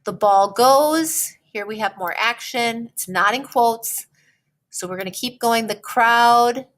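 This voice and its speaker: A woman teacher walks through a writing lesson at an unhurried, deliberate pace. Her voice sits a little on the high side. She keeps pausing to check in with her students. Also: a bit bright. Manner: slow, patient explaining with frequent "okay?" check-ins.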